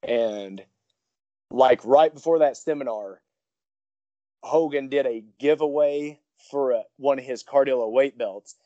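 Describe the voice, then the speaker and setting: A man, a professional wrestler, telling a story in an interview, rambling excitedly with many restarts. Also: mid-range voice, a little slow, dry recording, highs cut off.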